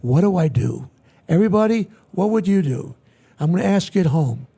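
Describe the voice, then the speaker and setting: An older man telling stories as an interview guest, lively and quick to act out other people's lines, with a raspy voice. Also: sits high. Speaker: guest entertainer. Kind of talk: animated storytelling interview. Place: event venue interview set.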